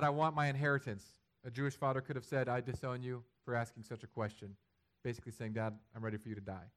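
Male pastor, sermon delivery, mid-pitched, swings from conversational to loud emphatic peaks. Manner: rises to loud, high-pitched emphatic passages; acts out imagined prayers and quotes.

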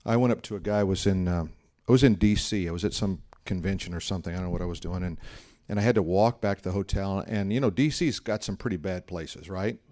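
A middle-aged pastor gives a relaxed, chatty sermon in a somewhat low voice, talking fast with few pauses. He tells stories conversationally and slips into the voices of the people in them.

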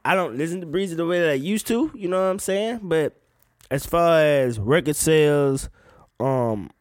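A man giving a casual, profane solo rant about music gossip, breaking into sudden loud high outbursts. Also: moderate pace, dry recording, studio quality. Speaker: solo commentator.

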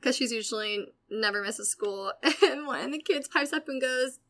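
A young woman from Atlanta telling a casual story with animated quoted voices and frequent laughter. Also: sits high, moderate pace. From Atlanta, USA. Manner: animated, laughs often, acts out quotes loudly.

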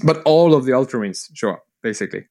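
A man casually retelling a long war story, rambling with fillers, swearing and quick acted-out quotes. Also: medium pitch, animated, darkish tone. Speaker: podcast co-host retelling lore. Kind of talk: casual chat.

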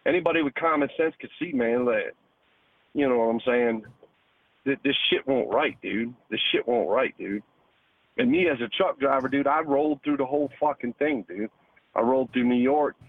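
A man's voice: medium pitch, moderate pace, no echo. A man rants into a call-in show over a thin phone line, his voice narrow and tinny. He swears constantly and hammers the same points again and again, tacking "man" or "dude" onto nearly every phrase. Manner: profane, repetitive, ends phrases with "man" and "dude". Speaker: caller. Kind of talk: heated call-in rant.

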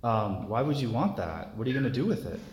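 A little girl , as a man preaching puts her on, pleads in a soft, hushed voice. The words ring out with a long reverb in a large, echoey room. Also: medium pitch, big pitch swings, fast talker, natural voice. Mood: pleading.

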